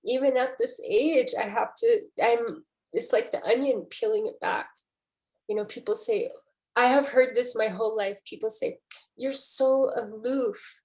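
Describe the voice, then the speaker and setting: A woman poet in a book conversation, speaking emotionally and haltingly, with many restarts. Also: fairly high pitch, fairly even intonation, darkish tone. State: tearful.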